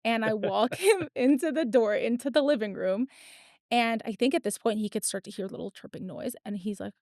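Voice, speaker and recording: A woman's voice: fairly high pitch, brisk, no room sound, studio quality. A woman in her thirties, a podcast host telling a story in casual chat and acting out the people in it. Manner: animated storyteller, acts out quotes.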